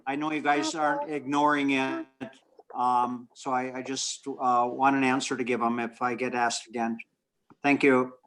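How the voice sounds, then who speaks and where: A man, a council member, raising a citizen concern in a halting, polite way full of repeated words. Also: mid-range voice, flat delivery, fairly bright tone, slight background noise. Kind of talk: remote council meeting discussion.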